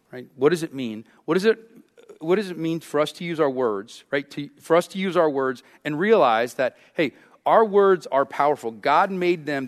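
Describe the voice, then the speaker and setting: A man's voice: on the high side, big-room sound. A man preaching a sermon in a casual, conversational way, often checking in with his listeners. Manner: conversational preaching with frequent "right?" asides. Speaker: pastor.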